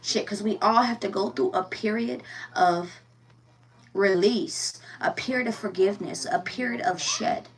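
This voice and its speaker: A woman's voice: mid-range voice, unhurried, breathy edge, recorded from a distance. A woman giving a casual tarot reading, blunt and profane, firing rhetorical questions and repeating herself. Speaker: tarot reader.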